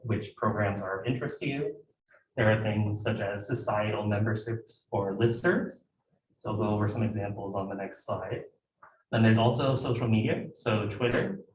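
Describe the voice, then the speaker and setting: A young man with a lowish voice gives an informal presentation as a guest speaker at a student club meeting in a lecture room. His delivery is conversational, stuffed with fillers, and he keeps interrupting himself. The recording catches him from a distance in an echoey room, with slight background noise.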